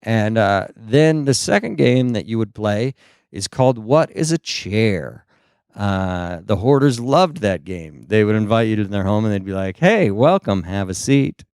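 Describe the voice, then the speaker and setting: A man's voice: lowish voice, lively intonation, unhurried, darkish tone, clean tone, dry recording, studio quality. A male stand-up comedian telling rambling, self-deprecating stories with lots of "uh" asides. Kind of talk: stand-up storytelling.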